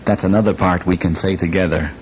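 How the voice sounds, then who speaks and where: Guy with a low voice reading a kids story, slow and singsong, faint rumble behind. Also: steady tone, rough recording. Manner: slow, lilting, inviting the audience to join in. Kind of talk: children's story read aloud with sing-along parts.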